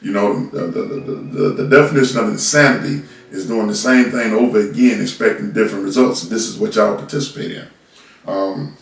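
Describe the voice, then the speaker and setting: A commentary host delivers an unscripted political rant, bluntly scolding his listeners and stumbling over repeated words. His gravelly, low-ish voice moves a little fast. He talks into a phone from a distance off the mic, so the sound is roomy with a bit of hiss or hum.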